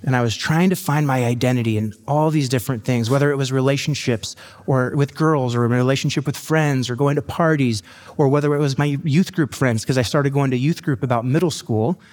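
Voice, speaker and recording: A man in his forties, a pastor telling his testimony in a sermon, with self-deprecating humor and lively asides. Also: medium pitch, brisk.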